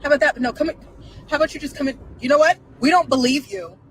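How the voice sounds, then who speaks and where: A woman's voice: high voice, very fast, a little hiss or hum, rough recording. A woman hosting a live stream, commenting casually with incredulous rhetorical questions and frequent laughter.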